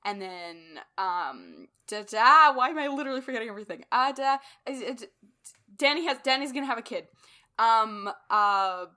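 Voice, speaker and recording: A young woman co-hosts a casual book-club podcast in a bright, lightly high voice. She rambles and giggles, leaning on fillers and losing her train of thought as she goes. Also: lively intonation, moderate pace. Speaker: podcast co-host.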